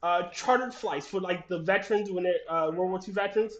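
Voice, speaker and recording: A man's voice: high-pitched, brisk, fairly bright tone. A man chatting casually on a podcast, rambling and restarting, swearing freely. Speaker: podcast co-host. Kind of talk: casual chat. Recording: roomy lo-fi voice chat.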